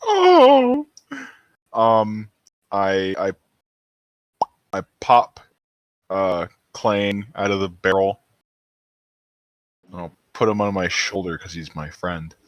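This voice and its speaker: A man's voice: sits low, fairly even intonation, slow, long pauses, dry recording. A man playing a tabletop game with friends, bantering and laughing often. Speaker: player. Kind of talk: casual tabletop play. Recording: online voice chat.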